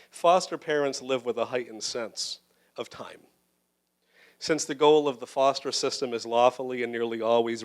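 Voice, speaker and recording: In a church sanctuary, a middle-aged American pastor delivers a sermon in an ordinary mid-range voice. He speaks with earnest, personal intensity, stacking phrases for emphasis as he fights back tears.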